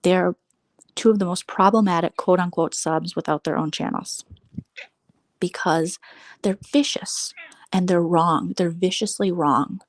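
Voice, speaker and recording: A woman's voice: fairly low pitch, unhurried, no echo. A woman hosting a casual late-night livestream, blunt and sarcastic, swearing freely and often dropping into a whisper for asides. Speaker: livestream host.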